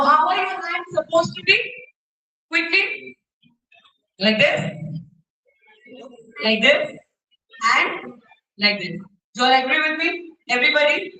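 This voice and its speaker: A woman with an Indian English accent giving an interactive workshop to students as a soft skills trainer, often checking in with the audience and demonstrating gestures. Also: sits high. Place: university hall. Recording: roomy hall, mic far off.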